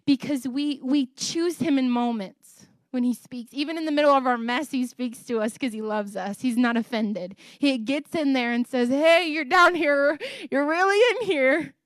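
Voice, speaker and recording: A woman's voice: on the high side, normal speed, no room sound, clean studio sound. A woman sharing a personal faith testimony in an emotional, earnest way, often repeating phrases for emphasis. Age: adult, married ten years.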